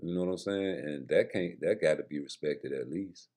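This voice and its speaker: A man's voice: very deep voice, normal speed. A man giving a blunt, slangy boxing commentary rant straight to his viewers, with profanity.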